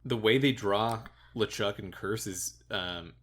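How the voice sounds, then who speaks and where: A man co-hosting a podcast in casual chat, relaxed and amused, chuckling often and restarting his sentences. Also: lowish voice, unhurried. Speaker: podcast co-host.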